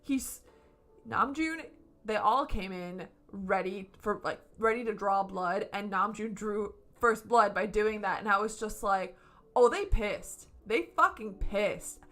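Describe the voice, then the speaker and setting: A woman's voice: mid-range voice, measured pace, pushed and bright. A woman streaming from home, reviewing a concert in a casual, gushing way and swearing freely. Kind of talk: casual excited review chat. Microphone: camera setup at home.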